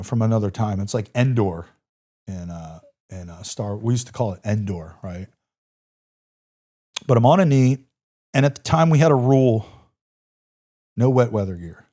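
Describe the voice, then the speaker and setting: A man's voice: fairly low pitch, mellow. Intense, emphatic male storyteller. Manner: intense, emphatic, repeats phrases, swears freely. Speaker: podcast guest, former Army Ranger. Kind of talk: storytelling in a podcast interview.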